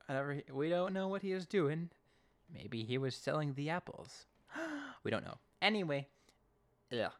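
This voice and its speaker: A man co-hosting a casual recap podcast, jokey and animated, often acting out lines. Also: on the high side, moderate pace. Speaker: podcast co-host.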